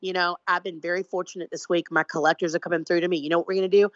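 A woman's voice: fairly low pitch, flat delivery, racing, no echo. A woman artist being interviewed, talking in a brash, emphatic, profane way. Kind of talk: casual conversational interview. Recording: dull lo-fi dry sound.

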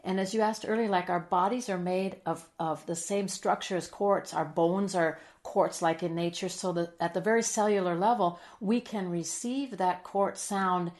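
A middle-aged woman in a heartfelt interview, telling a personal story with earnest emotion, sometimes dropping soft and quiet. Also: lowish voice, moderate pace, hardly any pauses. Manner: earnest and emotional, drops soft and quiet, then lively when quoting. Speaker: guest.

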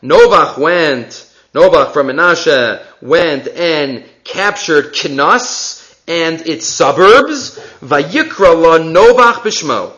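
A man teaching a Torah class, telling stories with animated, sing-song emphasis. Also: fairly high pitch. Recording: dull lo-fi recording.

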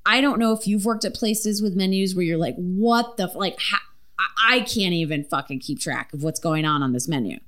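A woman's voice: fairly low pitch, expressive, a little fast, a bit bright. Give me a chatty woman podcast host who swears freely and talks casually.

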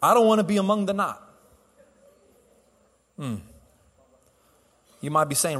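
A man's voice: sits high, animated, unhurried, fairly bright tone. A man preaching a sermon as pastor, telling stories casually with restarts and laughs, then building to fervent exhortation. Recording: long hall reverb.

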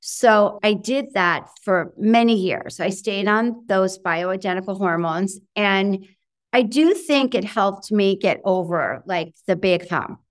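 A middle-aged woman talks as an interview guest, lively and full of fillers. She acts out little quotes of what she said to herself. Her voice sits at an ordinary middle pitch. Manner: animated, chatty, many fillers and quoted self-talk. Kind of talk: conversational interview.

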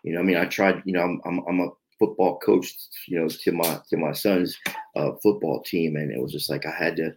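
A very deep-voiced man in his fifties from South Jersey tells his own story of addiction and recovery. He speaks haltingly, circling back with fillers and repeated words, over a faint hiss. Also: steady tone, creaky. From South Jersey, USA. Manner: halting, repetitive, many "you know" fillers. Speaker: podcast guest in recovery. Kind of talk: confessional personal storytelling.

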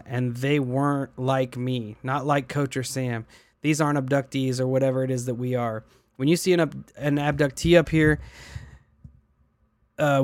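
A man hosting a podcast, reading online posts aloud in an even voice and chatting casually between them. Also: mid-range voice, no echo.

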